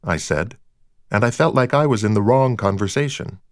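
A man's voice: fairly low pitch, expressive, normal speed, dry recording. Dry, wry male audiobook narrator. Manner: dry, wry first-person storytelling. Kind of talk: audiobook narration of a crime novel.

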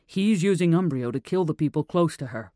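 A man's voice: on the high side, lively intonation, a little fast, mellow, dry recording, studio quality, natural voice. A man voicing a hunted male police sniper, talking in an urgent, clipped way.

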